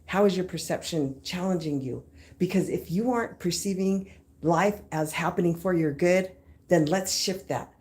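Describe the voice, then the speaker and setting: A woman's voice: on the low side, normal speed, a little mellow. A woman in her thirties hosting a live stream and giving a casual motivational talk. She speaks emphatically, repeats phrases and mixes in slang.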